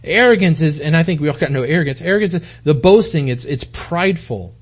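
A man in his forties from the US, a pastor, speaks fast and animatedly in a high voice with a breathy edge. He's giving his congregation a folksy, conversational sermon in a church hall, full of rhetorical questions.

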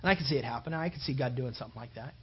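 A man preaching a sermon as pastor, who moves from quiet storytelling to loud, emphatic preaching. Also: mid-range voice, racing, breathy edge, muffled recording.

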